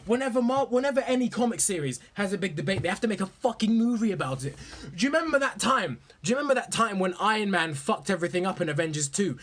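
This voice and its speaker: Young vlogger, husky, raised pitch, profane and rambling casual rant. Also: male voice, expressive, quick pace, a bit bright. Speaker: movie vlogger. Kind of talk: casual ranting commentary.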